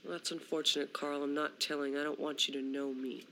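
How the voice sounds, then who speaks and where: A woman's voice: sits low, little pitch movement, fairly quick, creaky, fairly bright tone. An actress playing a cold, secretive woman in a TV horror drama, speaking in a cool, curt way. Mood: dismissive. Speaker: actress in a horror anthology episode. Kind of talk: TV drama acting. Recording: distant, noisy TV clip.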